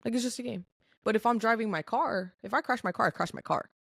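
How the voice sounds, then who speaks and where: A woman's voice: on the high side, quick pace, creaky, a bit bright, no room sound. Candid young woman, dry close sound. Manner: candid, filler-heavy speech with frequent "like"; earnest and emotional. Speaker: podcast guest. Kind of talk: personal testimony in casual chat.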